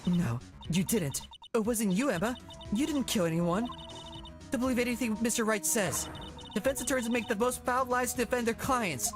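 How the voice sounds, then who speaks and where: Guy doing a cold lady prosecutor, high and clipped, game music under it. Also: normal speed, lightly acted. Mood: insistent. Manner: cold, accusing. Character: stern young woman chief prosecutor.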